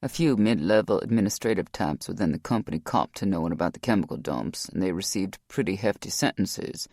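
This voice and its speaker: A man playing a ex-SEAL, gravelly, low and weary, dry close mic. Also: expressive, brisk, darkish tone, no room sound, full character voice. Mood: guarded, weary. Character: grieving former male Navy SEAL, Cajun.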